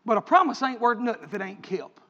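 A man preaching a sermon, telling stories with passion and swinging between loud and hushed delivery. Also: extremely high pitch, big pitch swings, fast talker, gravelly. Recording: echoey hall, dull lo-fi sound.

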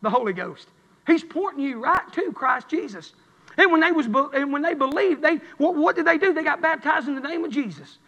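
A man's voice: very high-pitched, animated, brisk, sharp tone, muffled recording. A man preaching a revival sermon in church, with a rhythmic, building cadence. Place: church sanctuary. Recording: long hall reverb.

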